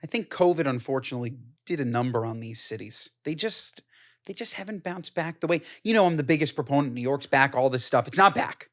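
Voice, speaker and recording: A man's voice: mid-range voice, lively intonation, a little fast, fairly bright tone. A man co-hosting a podcast, chatting casually and enthusiastically, often repeating short agreements. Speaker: podcast co-host. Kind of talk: casual chat.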